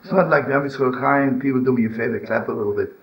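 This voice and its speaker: Older male teacher telling stories, informal and searching, bursts into high scolding, some noise behind. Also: racing, poor audio. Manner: storytelling, with frequent "you know" and "right?"; swings to loud, high scolding when voicing the inner voice. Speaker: rabbi and storyteller.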